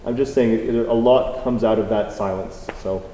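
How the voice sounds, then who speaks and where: A man's voice: on the low side, fairly even intonation, moderate pace, warm tone. A man hosting a live talk, speaking casually with many fillers. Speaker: host, moderator. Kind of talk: conversational moderating. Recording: roomy hall with faint ambience.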